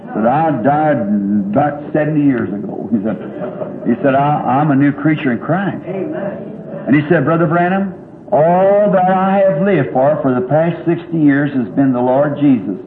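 A man's voice: fairly high pitch, moderate pace. An older man preaching a sermon, telling stories in a folksy, rambling way and chuckling often. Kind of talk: sermon storytelling. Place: large church hall. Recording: tinny old recording in an echoey hall with faint hiss.

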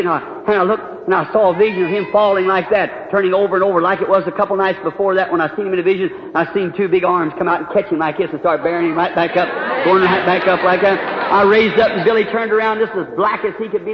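A high-pitched middle-aged man with a drawl preaches an impassioned sermon and pleads as he tells his stories. The old, dull lo-fi recording rings with long reverb from a large hall, and a faint background hiss runs underneath. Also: fairly even intonation, quick pace.

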